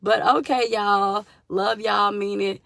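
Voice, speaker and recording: A young woman telling a story to her viewers in a casual, animated vlog, addressing them as y'all. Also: mid-range voice, takes it slowly, vocal fry, no echo. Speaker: vlogger.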